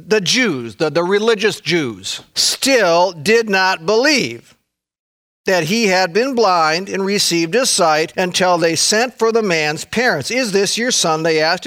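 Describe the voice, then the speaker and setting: A man preaching a sermon in an animated storytelling way, acting out the voices in the scripture and repeating words for emphasis. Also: high voice. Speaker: pastor.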